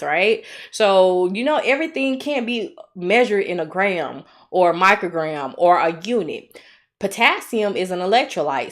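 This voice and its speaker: A woman with an Alabama accent leads a live nursing tutoring stream. Her pitch sits in the middle for a woman. She is chatty and encouraging with viewers, then slows down to go through each step. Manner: chatty, encouraging, reads viewer comments aloud; slow, deliberate when working steps.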